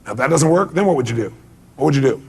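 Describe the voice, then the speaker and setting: A man's voice: medium pitch, lively intonation, racing, creaky, darkish tone, husky. A man giving a motivational seminar talk, pressing the audience with emphatic rhetorical questions. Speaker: motivational speaker.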